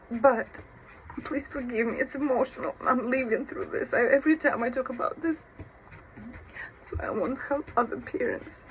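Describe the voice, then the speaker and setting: Gravelly-voiced emotional mother. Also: a little high, a little hiss or hum, rough recording. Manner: emotional, halting, apologetic. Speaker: mother of an autistic child. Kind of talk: personal advice vlog.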